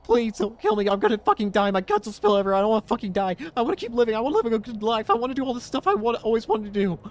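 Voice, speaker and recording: A man doing a shrill, terrified young thug. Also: big pitch swings, quick pace, a little mellow. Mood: panicked pleading. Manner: frantic, pleading, voice climbing high. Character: terrified young male thug begging for his life.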